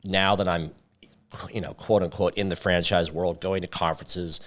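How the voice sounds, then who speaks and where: Deep-voiced man telling a lively story. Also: moderate pace. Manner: lively storyteller who acts out quoted dialogue. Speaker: company founder guest. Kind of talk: casual interview storytelling.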